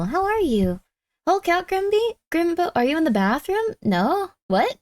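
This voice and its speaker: A woman's voice: very high-pitched, sing-song, measured pace, a little mellow, no room sound. A young adult woman streamer chatting casually with her viewers in a rambling, talkative way. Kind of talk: casual live-stream chat.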